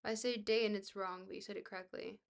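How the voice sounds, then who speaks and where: A woman reading a book aloud to her livestream chat, at an ordinary middle pitch. She catches on long words and restarts them. She drifts into casual asides to her viewers between passages. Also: fairly even intonation, creaky. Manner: reads aloud haltingly, tripping over long words, chatty asides to viewers.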